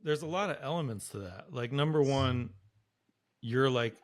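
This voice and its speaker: A man's voice: mid-range voice, animated, moderate pace, dry recording. A man hosting a podcast, reacting to his guest's story in supportive, casual talk with some swearing. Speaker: podcast host. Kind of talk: casual interview chat.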